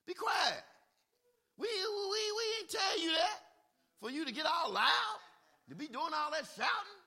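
An exasperated crowd of men shouting at someone to hush, as a preacher puts them on. The voice rides high and loud, snapping each rebuke with rising impatience, a thin bright edge cutting through. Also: male voice, big pitch swings, measured pace, gravelly, heavily acted. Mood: scolding, exasperated. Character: irritated men in a crowd hushing a loud beggar.

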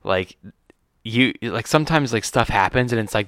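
A man's voice: mid-range voice, moderate pace, no room sound, studio quality. Laid-back man hosting a casual chat. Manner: relaxed, filler-heavy. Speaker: host.

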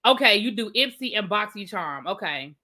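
A woman with a Washington DC accent, chatting casually on a livestream and answering her viewers' comments with drawn-out asides. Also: medium pitch, expressive, bright, forceful tone. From Washington DC area. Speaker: livestream host.

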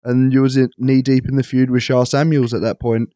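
A young man with a British accent chats in a dry, close-sounding room. He tells his stories with energy, jumping up in pitch whenever he quotes someone. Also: a little fast, no room sound. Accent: British English. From England. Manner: animated storyteller, acts out quotes in a higher voice. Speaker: guest, pro wrestler. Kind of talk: casual podcast chat.

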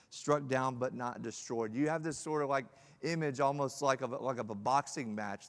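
A male pastor preaching a sermon, swinging from loud emphatic peaks to hushed, low lines. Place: church hall. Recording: long hall reverb.

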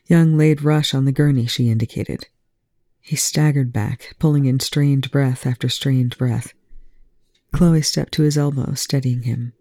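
A reader giving even, measured narration of a fan fiction audiobook. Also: medium pitch, no echo, clean studio sound.

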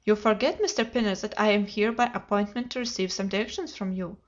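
A woman's voice: medium pitch, fairly even intonation, quick pace, natural voice. A woman reading the part of a firm, plain-spoken male clerk, in a dull lo-fi recording. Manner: firm and direct.

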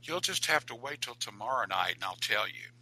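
A man's voice: medium pitch, expressive, fairly quick, bright, forceful tone, breathy edge, heavily acted, low-quality recording. A man voicing a sly female spirit that speaks in a whisper and mocks the people it haunts. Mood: taunting.

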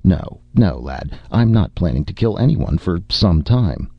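Rumbling, gravelly barbarian warlord voiced by a male narrator, gruff but kindly; dull lo-fi audiobook sound. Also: sing-song, a little slow, dry recording, heavily acted. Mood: gently gruff. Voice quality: deep rumbling voice. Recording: dull lo-fi recording.

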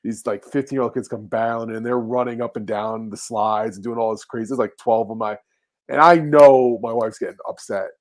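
Fast-talking man telling stories. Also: medium pitch, fairly even intonation. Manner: rambling, profane, acts out quotes. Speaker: podcast host. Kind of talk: casual storytelling chat.

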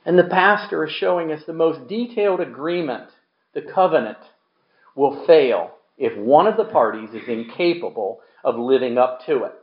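A man's voice: a little high, lively intonation, normal speed, echoey room, dull audio. A man preaching a sermon in a conversational way, asking the congregation questions and acting out quotes. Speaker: pastor.

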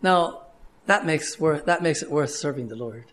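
A man's voice: a little high, expressive, moderate pace, a bit bright. A man preaching a sermon in an earnest, conversational way, with frequent restarts and fillers.

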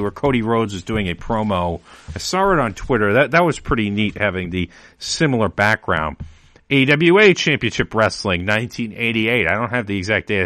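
A man's voice: lowish voice, fairly bright tone, dry recording. Rambling man hosting a solo podcast. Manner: rambling, digressive, chatty. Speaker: podcast host. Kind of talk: casual solo podcast talk.

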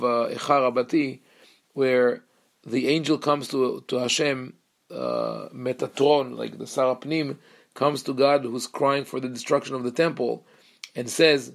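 A man teaching a Torah lesson as a rabbi, earnest and explanatory, pausing and restarting often. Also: mid-range voice, vocal fry, fairly bright tone.

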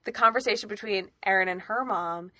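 A woman's voice: mid-range voice, a little fast, pushed and bright, dry recording. A woman co-hosting a podcast, chatting casually in a sarcastic way and swearing freely. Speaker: podcast co-host. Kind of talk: casual chat.

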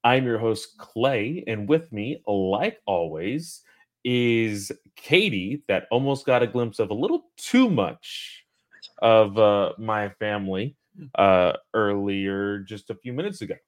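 A man's voice: fairly low pitch, lively intonation, takes it slowly. A man hosting a podcast in casual chat, rambling with lots of ums and uhs. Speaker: podcast host.

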